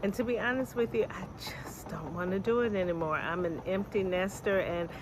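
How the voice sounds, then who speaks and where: An older woman from the United States speaking in a relaxed, matter-of-fact way about her own life. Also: medium pitch, normal speed. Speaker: interviewee. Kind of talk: casual testimony. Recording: audible background noise.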